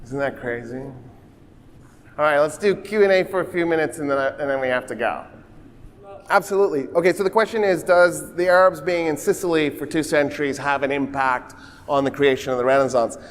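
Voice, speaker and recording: A man giving a public history lecture with Q&A, talking in an animated, joking, conversational way full of asides and quick impressions. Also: on the high side, slight background noise. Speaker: university lecturer. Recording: reverberant hall sound.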